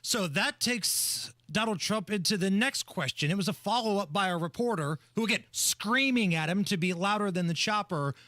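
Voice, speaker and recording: A male co-host on talk radio, setting up each bit in a playful storytelling way. His voice is high and bright, and the studio sound is dry. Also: expressive, normal speed, hardly any pauses, dry recording.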